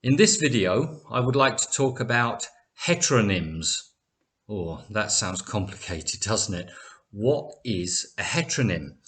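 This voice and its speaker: A man gives an online English lesson in a fairly low voice. He speaks very slowly and deliberately and repeats each example word so the learner can catch the difference. His manner is patient and clear. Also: very animated, fairly bright tone. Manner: slow, careful explanations with repeated example words. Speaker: English teacher.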